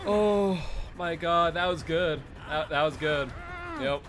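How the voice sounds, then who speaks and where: Excitable man streaming a game. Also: fairly high pitch, takes it slowly, heavy background noise. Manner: excitable, jumps to shouting when startled, laughs often. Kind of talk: live gameplay commentary.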